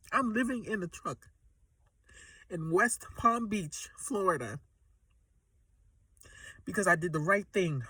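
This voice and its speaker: A woman's voice: medium pitch, fairly bright tone, slightly rough, no echo. A woman ranting emotionally to her camera from inside a parked truck, agitated and swearing heavily, often repeating herself. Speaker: vlogger. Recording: voice somewhat far from mic.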